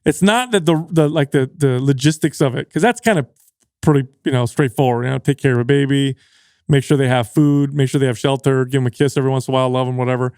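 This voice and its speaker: A man chatting on a podcast and telling a story in a lively way, with casual swearing. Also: mid-range voice, quick pace, clear, resonant tone, no room sound, clean studio sound. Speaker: podcast guest, fitness co-host.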